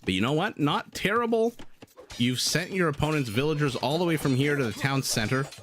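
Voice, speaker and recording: During live commentary on a strategy game, a man chats and laughs with his audience between plays. He sounds a little high, animated, brisk and a bit bright, with slight background noise.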